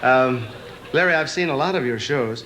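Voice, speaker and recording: A man's voice: mid-range voice, normal speed, very noisy. A man hosting a television variety show, introducing and chatting easily with a guest. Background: studio audience.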